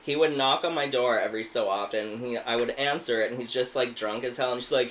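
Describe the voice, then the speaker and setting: A man in his thirties co-hosts a podcast, telling a story in a casual, rambling way, swearing heavily and saying "like" constantly. His mid-range, fairly bright voice moves briskly with hardly any pauses, and the poor audio has a little hiss or hum.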